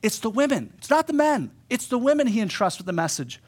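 A middle-aged man preaching a sermon in an animated way, rising loud then dropping soft for emphasis. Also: extremely high pitch, fast talker. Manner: animated preaching, voicing quoted speakers, drops to soft emphasis. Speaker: pastor.

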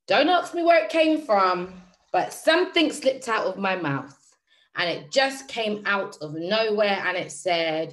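A woman speaking to her audience, telling a personal story in a lively, emphatic, slangy way and often repeating phrases for effect. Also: on the low side, unhurried. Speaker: motivational speaker.

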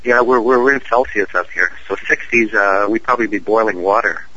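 A man's voice: on the low side, normal speed, pushed and bright, breathy edge, muffled recording. A male actor being interviewed over a call, friendly and talkative, explaining at length with frequent uhs. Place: on a call from his home city.

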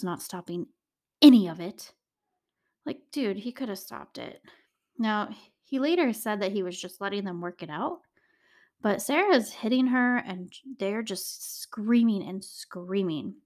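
A woman hosts a true crime podcast in casual storytelling mode. She talks straight to her listeners and drops in indignant asides. Her voice sits at an ordinary pitch for a woman. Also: expressive, a little slow. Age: adult parent.

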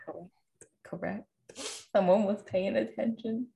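A woman's voice: mid-range voice, steady tone, measured pace, vocal fry, mellow. A woman in her twenties hosting a podcast, casually presenting her thesis and quizzing her family, with many fillers. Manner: chatty, hedging with fillers like "like" and "um".

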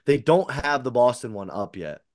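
A man's voice: mid-range voice, big pitch swings, moderate pace, crowd noise. A man co-hosting a casual podcast, rambling with fillers and restarts. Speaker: podcast co-host. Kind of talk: casual chat.

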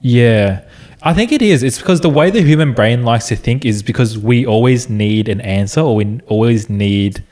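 A man's voice: mid-range voice, moderate pace, a little mellow. A young man in casual couple chat, arguing his side with self-mocking humor. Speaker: vlogger.

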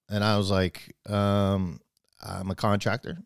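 A man with a lowish voice tells a long story in casual chat. He rambles and restarts his sentences, and he voices the other people in the exchange as he goes. The sound is dry and close, with no room around it. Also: fairly even intonation, slow pace, clear, resonant tone, dry recording.

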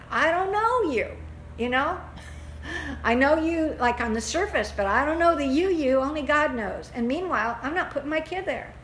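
A woman giving casual, folksy advice to a caller, animated and emphatic, often laughing as she talks. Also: a little high, a little hiss or hum. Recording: echoey room with faint ambience.

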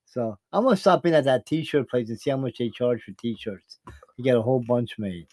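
A man's voice: medium pitch, normal speed, dark tone, dry recording. A middle-aged man co-hosting a casual podcast with his son, mostly asking short questions and agreeing. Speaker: podcast co-host, father. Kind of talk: casual livestream chat.

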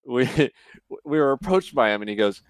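A man's voice: mid-range voice, expressive, moderate pace, clean tone, dry recording. A young man telling a long story in casual podcast chat, rambling and swearing, with many fillers and restarts. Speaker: podcast co-host.

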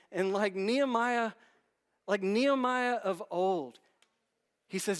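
A man's voice: high-pitched, expressive, measured pace. A man in his thirties preaching a sermon in a church, telling a candid, self-deprecating story with many restarts. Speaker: pastor. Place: church sanctuary.

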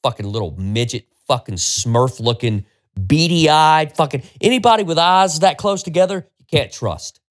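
A man's voice: a little high, normal speed. A man hosting a solo podcast, ranting with exasperation and plenty of profanity. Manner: profane, exasperated, animated rant. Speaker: podcast host.

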